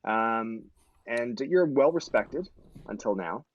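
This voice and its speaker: Joking, animated male live-stream host. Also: medium pitch, slow pace, lo-fi sound, slight background noise. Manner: rambling, self-correcting, joking. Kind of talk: casual live-stream chat.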